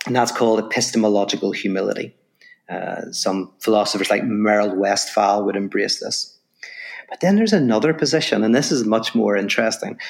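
Man philosopher guest on a podcast, lowish voice, rattles along animated, lots of "right?". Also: creaky. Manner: quick, animated, thinking aloud with "right?" asides. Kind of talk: podcast interview, storytelling and explanation.

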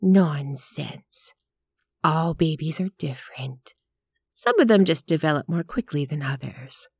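A woman voicing a prim, quietly disapproving elderly lady in an audiobook reading. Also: low voice, expressive, unhurried, husky, no room sound, studio quality, full character voice. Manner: genteel, precise, quietly disapproving. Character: prim, gently sharp-tongued elderly woman.

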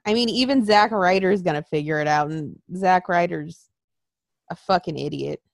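A woman's voice: lowish voice, normal speed, gravelly, no room sound. A woman co-hosting a casual wrestling chat, profane and mocking, talking close to a dry mic.

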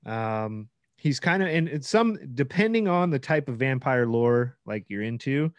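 A man's voice: mid-range voice, lively intonation, measured pace, dry recording. A man co-hosting a podcast in casual chat, rambling through ideas, swearing and laughing often. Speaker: podcast co-host.

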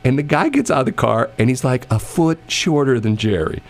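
A man's voice: medium pitch, brisk. A man telling a story in casual chat, acting out the people in it and laughing often. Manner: animated, acts out quoted voices, laughs often.

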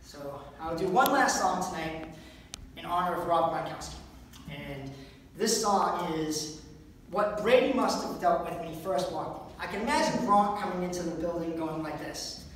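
A man doing a rambling stand-up comedy set at a fundraiser, breaking into high squeaky impressions and little sung bits. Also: normal speed, fairly bright tone, a little hiss or hum. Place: event room at a fundraiser. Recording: roomy hall, mic far off.

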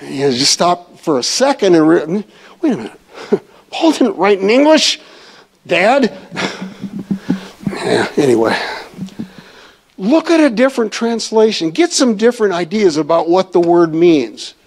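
High-voiced, unhurried male Bible teacher. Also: big pitch swings, darkish tone. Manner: conversational, asks the audience questions.

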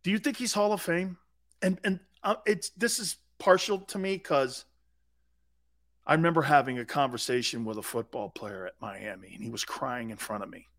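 A man hosting a sports talk radio show, telling stories with emphatic repetition and growing excitement. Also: medium pitch, normal speed, no echo, clean studio sound.

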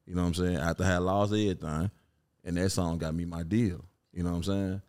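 Low-pitched and a little mellow, the middle-aged Southern-accented rapper and producer from Memphis talks fast with fairly even intonation. As a casual interview guest, he rambles and keeps saying "you know what I'm saying."

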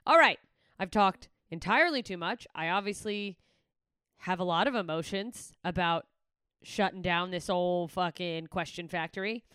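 Profane, rambling woman comedian, smooth voice. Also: lowish voice, normal speed, a bit bright, no echo, clean studio sound. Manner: candid, rambling, swears freely. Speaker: comedian and podcast host. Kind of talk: casual podcast sign-off chat.

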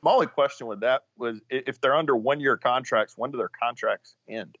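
Sports talk cohost guy, talks fast and bouncy, kinda muffled lo-fi sound. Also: mid-range voice, a bit bright. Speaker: podcast co-host. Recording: dull lo-fi sound.

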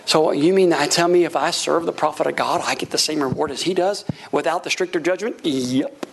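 A man's voice: brisk, creaky, a little hiss or hum. A middle-aged man preaching as pastor, calling for amens from the congregation. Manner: preachy, calls for amens, animated swings in pitch. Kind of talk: sermon.

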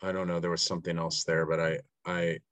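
A man's voice: sits low, flat delivery, a little fast, fairly bright tone, slight background noise. A middle-aged man in a coaching session, talking in a rambling, self-searching way with many restarts. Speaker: coaching client. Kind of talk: casual reflective conversation. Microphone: video call.

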